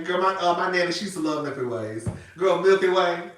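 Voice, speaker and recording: A man talking casually to his viewers as a pop culture commentator, in slangy, animated speech and often laughing as he riffs. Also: high voice, a little fast, few pauses.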